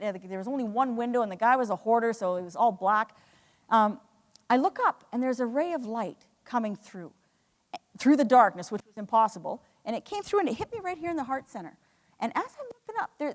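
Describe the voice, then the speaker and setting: A woman giving an earnest, emotional motivational talk to a live audience, telling her story with many restarts. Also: fairly high pitch. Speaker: speaker. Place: hall. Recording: echoey hall.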